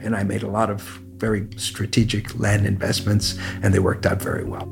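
Canadian man telling stories, soft guitar behind. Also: fairly low pitch, level tone, vocal fry. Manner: measured, anecdotal, with laughs. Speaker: interviewee. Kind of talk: reflective storytelling interview. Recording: faint guitar music underneath.

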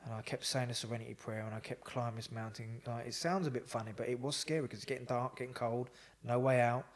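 A man, a psychotherapist guest telling a lively story in a casual interview. He swears and laughs as he talks. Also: medium pitch, fast talker.

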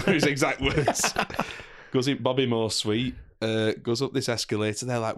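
A man's voice: fairly low pitch, steady tone, moderate pace. A man with a Yorkshire accent, co-hosting a football podcast in casual chat and laughing often as he tells stories. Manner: laughs often, chatty storytelling. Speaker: podcast co-host.

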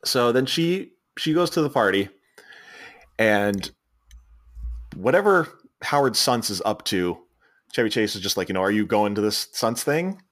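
A man's voice: lowish voice, animated, a little slow, pauses often, fairly bright tone. A man with a Philadelphia accent, co-hosting a casual movie podcast and retelling the plot in a rambling way, laughing and restarting often. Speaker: podcast co-host. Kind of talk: casual movie recap chat.

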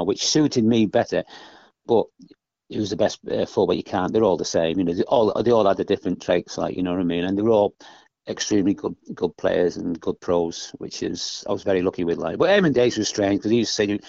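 The recording is dry, dull lo-fi podcast audio. An older man who used to play football chats loosely as a guest, his lowish voice creaky and darkish at a quick pace, rambling along with frequent "you know what I mean"s.

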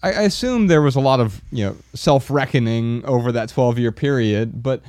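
A man's voice: medium pitch, expressive, moderate pace, a little mellow, dry recording, clean studio sound. A man hosting a podcast, reflecting casually and reading out listener questions. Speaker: podcast host.

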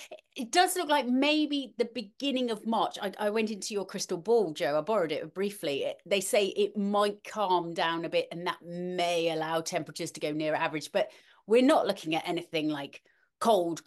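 A middle-aged woman, co-hosting a casual weather chat, animated and talkative, with frequent ums and restarts. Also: on the low side, normal speed. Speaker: podcast co-host, weather presenter.

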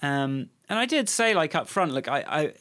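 A man's voice: fairly high pitch, sing-song, moderate pace, a bit bright, clean tone. Rambling man chatting on a podcast. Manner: rambling, full of restarts and fillers. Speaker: podcast co-host. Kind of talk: casual chat.

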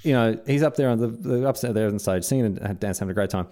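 Speaking quickly in a lowish, dark voice, an Australian man co-hosting a podcast rambles through a story in casual conversation. He keeps cutting himself off and performs the quoted dialogue.

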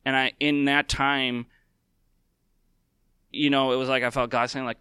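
A podcast host talks casually and candidly about personal matters, speaking from the heart with ums and restarts filling his pauses. His medium-pitched voice is bright and very clear but flat in delivery. The sound is dry and close, with no room sound at all.

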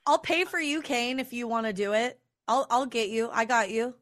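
A woman's voice: fairly high pitch, measured pace, fairly bright tone. A woman playing a tabletop role-playing game, reacting playfully in character. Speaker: player.

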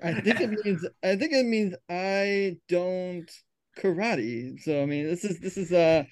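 A man improvising as a ghost hunter in a tabletop game, animated, encouraging and joking. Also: sits high, measured pace. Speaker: player voicing a ghost hunter. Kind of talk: improvised role-play.

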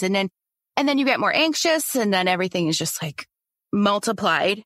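A woman's voice: mid-range voice, expressive, normal speed, a bit bright, dry recording, studio quality. A woman who is a coaching client, speaking openly and self-reflectively, often laughing. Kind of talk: casual chat.

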